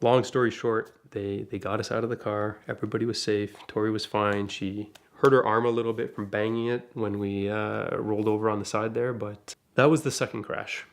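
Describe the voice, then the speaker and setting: A man telling a casual first-person story about crashing his car, chatty and lively, with asides and small laughs. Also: on the low side, brisk, creaky. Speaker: DeLorean rental owner telling a crash story.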